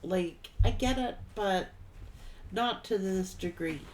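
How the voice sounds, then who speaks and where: A woman's voice: medium pitch, slow, noisy background. A middle-aged woman giving a casual tarot reading, blunt and folksy, swearing freely and laughing often. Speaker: tarot reader.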